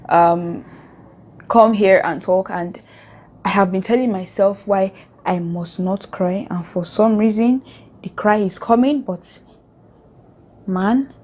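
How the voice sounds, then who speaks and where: A woman's voice: medium pitch, darkish tone. Young Nigerian-accented woman, vlogger, earnest and emotional, mid-range voice. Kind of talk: casual reflective vlog.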